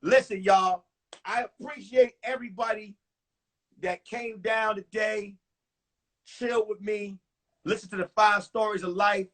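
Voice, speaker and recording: A young comedian tells his story with punchy, profane energy. His voice is husky, breathy, and sits high for a man. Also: fairly even intonation, unhurried, pauses often, fairly bright tone. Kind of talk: one-man stand-up storytelling on a live stream.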